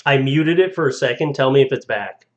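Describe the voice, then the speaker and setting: Young male streamer, casual and rambling, easy laugh, mid-pitched voice. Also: a little fast, lo-fi sound. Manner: casual, rambling, laughs often, stumbles over names. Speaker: live streamer. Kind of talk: casual live-stream chat reading viewer stories.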